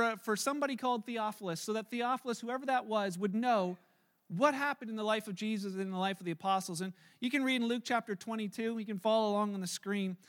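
High-voiced male pastor telling a sermon story. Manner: animated, then slow and hushed.

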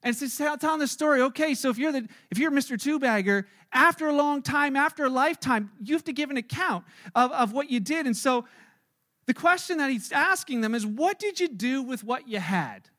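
A middle-aged man, a pastor preaching a sermon, who tells its story with animated energy and acts out the people in it. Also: very high voice, a little fast.

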